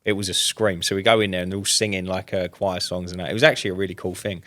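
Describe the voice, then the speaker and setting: A man, a podcast co-host telling stories in casual chat, animated and full of slang. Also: low voice. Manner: fast, animated storyteller with slang.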